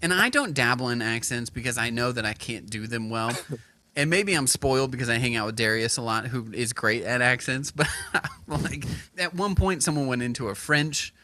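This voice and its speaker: This comedy podcast co-host speaks at a moderate pace with a medium-pitched voice, spinning meandering, animated stories in casual conversation full of filler words. There's slight background noise.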